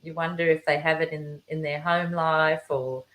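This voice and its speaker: A middle-aged woman teacher, a guest telling stories in a lively conversational way, acting out quoted voices. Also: low voice, moderate pace, low-quality recording. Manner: animated storyteller, acts out quoted voices. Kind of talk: conversational interview.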